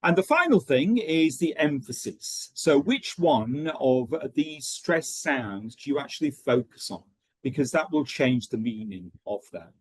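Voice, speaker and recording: A man's voice: mid-range voice, measured pace, husky, dry recording, low-quality recording. Guy teaching teachers over a webinar, lots of ums and okays, bouncy intonation, dry mic. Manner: steady rhythmic delivery with frequent ums and okays. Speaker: teacher trainer. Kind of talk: online teacher training webinar.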